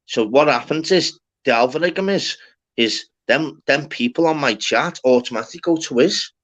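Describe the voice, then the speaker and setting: Swearing livestream host. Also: male voice, mid-range voice, moderate pace. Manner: swears often, shouts out viewers. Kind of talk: casual livestream chat. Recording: dull lo-fi stream audio.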